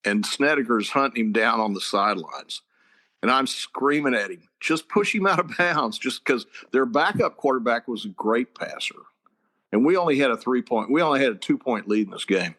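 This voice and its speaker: An older man, a head football coach, telling stories in a casual chat, with a lively, laughing manner. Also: medium pitch, normal speed. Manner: animated, laughing storyteller.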